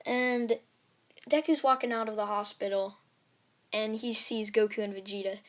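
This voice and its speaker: A woman's voice: a little high, fairly even intonation, moderate pace. A woman casually retelling a fan-made story, rambling with many fillers and restarts.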